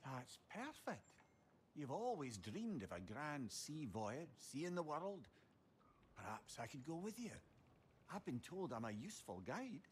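A man's voice: on the high side, sing-song, unhurried, a little hiss or hum. A man voicing a video game character with an eager, encouraging manner. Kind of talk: game dialogue acting.

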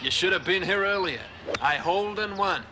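An actor playing an easygoing showman golfer, talking in slow, breezy showbiz patter, on a noisy old TV soundtrack. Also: sits high, natural voice. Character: smooth crooner-style male golfer, easygoing showman.

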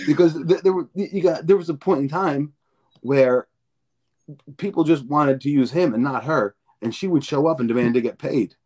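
A man's voice: fairly high pitch, moderate pace, pauses often, a little mellow, breathy edge. A man, a podcast guest, telling stories in a rambling, profane way and repeating words as he acts out each scene. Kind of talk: casual storytelling chat.

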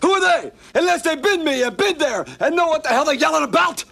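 A man's voice: very high-pitched, expressive, fast talker, gravelly, bright, forceful tone, full character voice. An actor playing an anguished, traumatized male war veteran who is crying as he breaks down in a film drama. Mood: bitter, furious. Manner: ranting, then sobbing out a war memory.

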